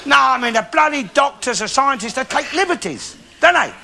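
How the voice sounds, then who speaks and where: Alf Garnett, a blustering old grump. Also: male voice, very high-pitched, animated, a little hiss or hum, exaggerated voice. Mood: grumbling. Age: older. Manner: blustering, grumbling, quick to swear. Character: cantankerous old working-class London bigot. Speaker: comedy character in a live audience show. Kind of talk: stand-up monologue to a studio audience. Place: TV studio before a live audience. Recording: TV studio with loud audience laughter.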